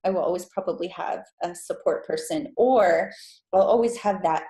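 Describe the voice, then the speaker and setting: A woman telling a personal story as a podcast guest, with lively, high-pitched acted-out quotes. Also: moderate pace. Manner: animated, acts out quotes in high voice. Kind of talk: casual storytelling interview. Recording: echoey room.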